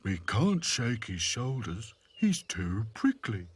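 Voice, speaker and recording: A man voicing Sad Sack, a gloomy, worried male rag doll in a children's cartoon, talking slowly and mournfully. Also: lowish voice, big pitch swings, breathy edge, full character voice. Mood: glum. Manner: slow, mournful.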